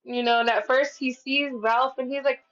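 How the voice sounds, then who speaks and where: A woman's voice: sits high, steady tone, moderate pace, a bit bright, highs cut off. A woman giving a casual tarot reading, talking in a chatty, profane way with lots of "like". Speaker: tarot reader.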